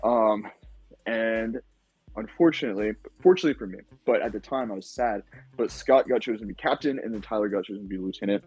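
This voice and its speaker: A young man, a podcast guest, casually recounting a game-show experience in an animated way, with lots of fillers. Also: on the low side, breathy edge, no echo, poor audio. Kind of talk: casual storytelling.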